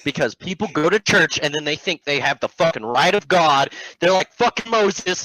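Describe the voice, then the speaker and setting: A man's voice: moderate pace, hardly any pauses, low-quality recording. A man telling a casual, profane story about an annoying customer, switching into mocking voices for the people in it. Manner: animated, profane, mimics customers in a low mocking voice. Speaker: storyteller among friends.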